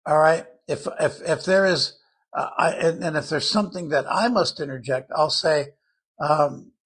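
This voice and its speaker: An older man preaching a sermon in an earnest, conversational Bible-teaching manner, with a husky voice. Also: fairly high pitch, normal speed, a bit bright.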